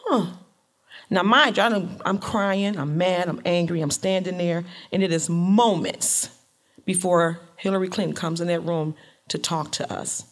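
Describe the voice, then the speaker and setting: A woman from Detroit, a home care worker and organizer, telling a personal story in a lively, colloquial way, acting out her own reactions. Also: lowish voice, moderate pace. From Detroit, USA.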